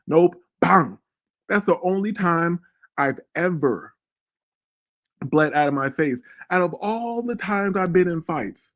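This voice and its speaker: A man hosting a podcast, telling a crude, profane story in a rambling way and often checking in with the listener. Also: on the high side. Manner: profane, rambling, keeps asking "you feel me". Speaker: podcast host.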